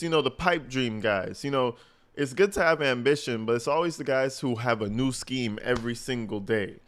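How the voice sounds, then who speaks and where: Male reaction commentator, casual and profane, mocking tone, mid-pitched voice. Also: fairly quick, fairly bright tone. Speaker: commentary host.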